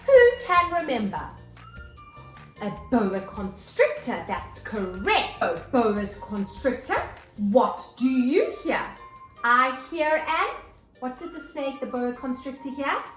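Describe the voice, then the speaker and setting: Animated high-voiced woman teacher. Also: slow pace, reverberant, soft background music. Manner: animated, gasps and exclaims for young children. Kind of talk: children's morning lesson.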